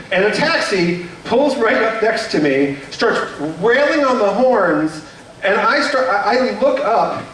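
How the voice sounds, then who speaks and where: Young man, stand-up comic, high voice, anxious self-mocking delivery with lots of ums; boomy room sound, mic set back. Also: fairly bright tone. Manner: nervous, self-deprecating storytelling with many fillers. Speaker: stand-up comedian. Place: comedy club stage. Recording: echoey room, mic heard from a distance.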